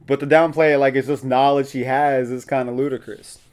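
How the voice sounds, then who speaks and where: A man with a middle-pitched voice talks through an episode in a loose, conversational recap. He is chatty and opinionated and often breaks into laughter. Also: steady tone, fairly quick, darkish tone, clear, resonant tone. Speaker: podcast host.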